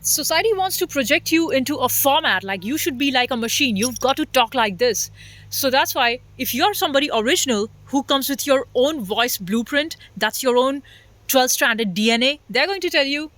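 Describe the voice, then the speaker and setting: Earnest spiritual vlog rant, high voice, dry close sound, keeps repeating phrases to build the point. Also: lively intonation, moderate pace, a bit bright, no room sound. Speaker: spiritual vlogger. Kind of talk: unscripted spiritual monologue.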